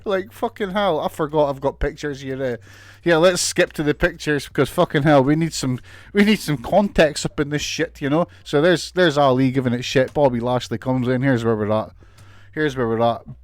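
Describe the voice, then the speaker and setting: Male reviewer, higher register, sarcastic and profane, casual recap, dry close recording. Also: dry recording. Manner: sweary, sarcastic, laughs often. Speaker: wrestling show reviewer.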